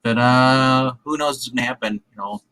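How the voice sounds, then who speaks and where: A man's voice: mid-range voice, normal speed, sharp tone, dry recording, low-quality recording. A man chatting casually with friends on a stream, wry and sarcastic at times. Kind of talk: casual chat.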